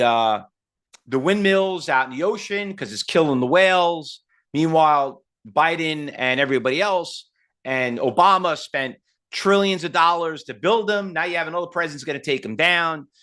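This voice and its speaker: A man in his fifties teaching trading in a live online seminar, blunt and full of rhetorical questions, pitching to his audience. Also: a bit bright. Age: 50s. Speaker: trading instructor.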